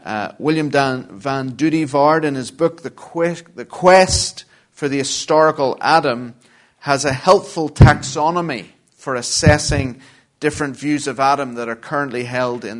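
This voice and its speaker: Northern irish man, middle-aged, church lecture, dry self-deprecating humor, measured delivery. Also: medium pitch. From Northern Ireland. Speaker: guest lecturer.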